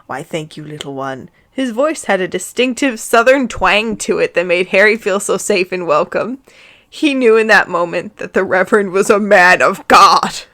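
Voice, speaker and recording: A woman's voice: mid-range voice, normal speed, fairly bright tone. A woman reading fan fiction aloud as a comedic dramatic reading, with amused, sarcastic asides.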